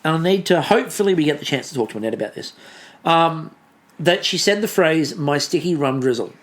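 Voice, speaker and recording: A man's voice: a little high, expressive, fairly quick. A man co-hosting a podcast, recapping an episode in a rambling, chatty way. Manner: rambling, chatty, many fillers and restarts. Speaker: podcast co-host.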